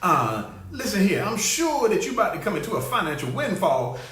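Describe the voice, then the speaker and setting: A man doing a low, drawling, scheming older president. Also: big pitch swings, brisk, fairly bright tone, soft background music. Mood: wheedling. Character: blustering older male president, scheming and careless. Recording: roomy echo.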